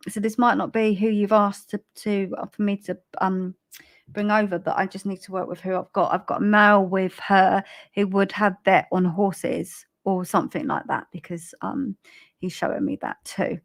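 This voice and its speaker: A British woman giving live spiritual readings on a stream, speaking gently with many ums and restarts. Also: mid-range voice, steady tone, vocal fry. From Britain. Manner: halting, full of ums and restarts, gentle and soothing. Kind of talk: live-stream psychic reading, casual and chatty.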